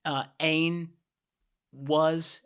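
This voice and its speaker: A man's voice: a little high, flat delivery, very slow, fairly bright tone, smooth. A man co-hosting a podcast, patiently teaching a point with plain everyday examples. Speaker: podcast co-host.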